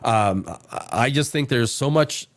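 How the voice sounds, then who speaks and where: A man's voice: mid-range voice, a little slow. A man hosting a casual chat, rambling and cursing with many restarts. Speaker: host.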